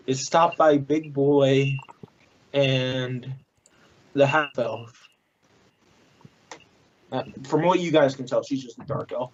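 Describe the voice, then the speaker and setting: A man narrating a tabletop game as game master, blunt and brisk, swearing casually. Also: mid-range voice, highs cut off.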